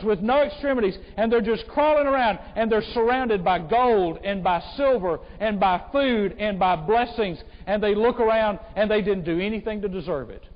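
A male pastor preaching an impassioned sermon, swinging between hushed and loud delivery. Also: high-pitched. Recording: echoey hall, dull sound.

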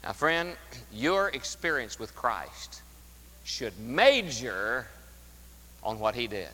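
A man's voice: mid-range voice, very animated, slow pace, pauses often. Emphatic preacher man in a reverberant sanctuary. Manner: emphatic, swings from loud to hushed. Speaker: pastor. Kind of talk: sermon. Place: church sanctuary.

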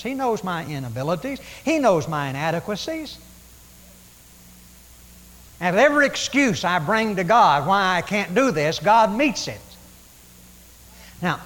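A man's voice: fairly high pitch, big-room sound, rough recording. A man preaching a sermon in a church, conversational, with stammered restarts and dramatic paraphrase.

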